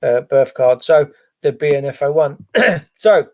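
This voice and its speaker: A man's voice: fairly high pitch, lively intonation, a little slow. A man, hosting a livestream and ranting in a blunt, sarcastic way, swearing freely. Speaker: livestream host.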